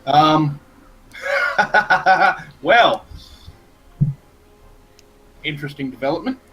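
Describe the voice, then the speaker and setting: A man playing a tabletop game, lively and casually swearing. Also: fairly high pitch, extremely slow, breathy edge, rough recording. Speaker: player.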